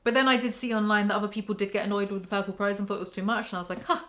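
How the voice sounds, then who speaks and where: A woman's voice: medium pitch, flat delivery, racing, a bit bright. A young woman giving a casual spoken book review to camera at home. She rants candidly and swears freely.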